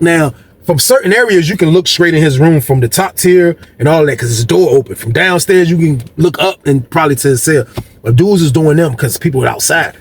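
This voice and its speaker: A man casually telling a personal story to viewers, animated and slangy, often turning to them with "y'all". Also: fairly high pitch, brisk, a little hiss or hum.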